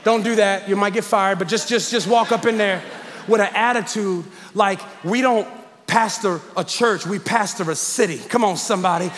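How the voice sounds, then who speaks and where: A man's voice: high-pitched, moderate pace, fairly bright tone, slight background noise. A man preaching a sermon, calling out to his congregation with rising intensity, recorded live in a large church hall. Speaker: pastor.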